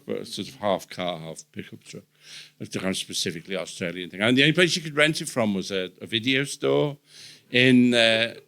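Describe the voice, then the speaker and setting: A man's voice: on the low side, sharp tone. An older man hosting a live podcast on stage, telling rambling anecdotes full of restarts. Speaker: podcast host. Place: comedy venue stage with live audience.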